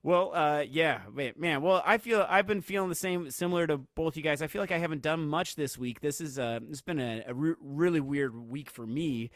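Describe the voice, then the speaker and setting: This man has a fairly bright voice on the high side, talking at normal speed with few pauses. He co-hosts a podcast, telling stories in a rambling, laugh-prone way full of fillers and restarts. The sound is clean studio audio with no room sound.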